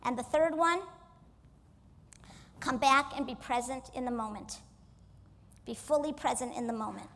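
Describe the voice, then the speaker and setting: Woman motivational speaker, high voice, energetic keynote in a reverberant hall. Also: measured pace, pauses often. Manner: energetic, coaxes the audience to join in. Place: stage in a large hall.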